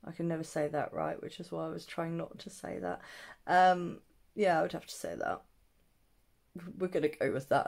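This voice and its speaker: A young woman chatting through a makeup tutorial, answering questions aloud with many pauses and ums. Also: on the low side, vocal fry, a little mellow. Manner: thinking aloud with many ums, self-teasing. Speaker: beauty vlogger.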